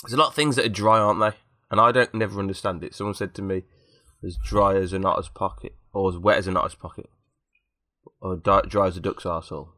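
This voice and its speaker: Bright-voiced man with a cold. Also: low voice, steady tone, fast, dry recording, studio quality. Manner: rambling, jokey banter. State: has a cold. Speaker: podcast host. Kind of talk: casual chat.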